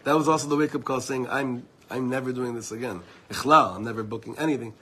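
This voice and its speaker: A man's voice: medium pitch, quick pace, pushed and bright, breathy edge. A man giving an informal Torah talk to a small group, telling personal stories with earnest asides to his listeners. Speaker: Torah teacher.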